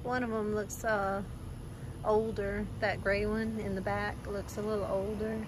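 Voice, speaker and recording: A woman narrating a casual rescue vlog outdoors at a gas station, talking softly and coaxing stray animals in baby talk. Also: mid-range voice, flat delivery, a little slow, noisy background.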